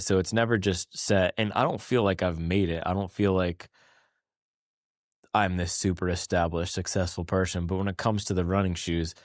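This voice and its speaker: An American man hosting a podcast, giving casual motivational advice with energy and quick self-corrections. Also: deep voice, no room sound, clean studio sound. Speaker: podcast host. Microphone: small wireless clip-on mic.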